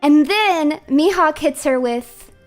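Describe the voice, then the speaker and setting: A woman livestreamer chatting casually in an animated, playful way, laughing often. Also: high-pitched, slow pace, soft background music. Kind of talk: casual chat.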